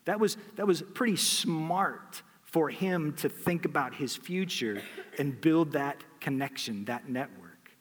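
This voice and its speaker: A male preacher walks his listeners through a story, pausing to ask them questions. His voice sits a bit high for a man. A long reverb trails each phrase. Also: animated, husky. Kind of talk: sermon.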